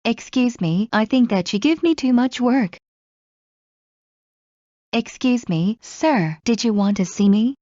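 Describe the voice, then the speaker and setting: A woman's voice: a little high, expressive, warm tone, no room sound. Woman reading phrases, dull lo-fi sound. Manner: clear, measured, evenly paced reading. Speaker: English phrase reader. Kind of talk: slow read-aloud phrase drills. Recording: dull lo-fi recording.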